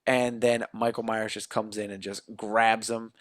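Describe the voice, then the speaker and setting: A man co-hosting a podcast, excitedly retelling a film plot and acting out the characters' lines in a casual chat. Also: fairly low pitch, a little slow, no echo, studio quality. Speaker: podcast co-host. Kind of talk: casual movie recap.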